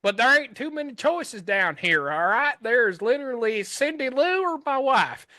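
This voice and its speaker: Picture a brash southern country boy, as a man puts him on in an improv sketch, with a thick fake Southern drawl and a boastful, indignant streak. His voice is high and bright, recorded close and dry. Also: very animated, normal speed, no room sound, heavily acted. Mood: indignant, folksy. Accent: put-on American Southern.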